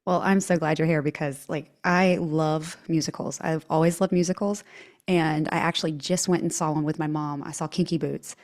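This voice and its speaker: A woman with a Southern twang hosts a chatty interview, her voice sitting a little low for a woman. She gushes warmly and effusively about everything. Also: fairly even intonation, normal speed. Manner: bubbly, effusive, gushing. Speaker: podcast host. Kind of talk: casual interview chat.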